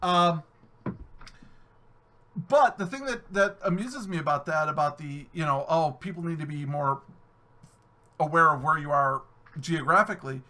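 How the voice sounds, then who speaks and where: Animated high-voiced man hosting a podcast. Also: a little slow, long pauses. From New York State. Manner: animated storyteller, acts out other voices. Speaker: podcast host. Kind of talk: casual chat.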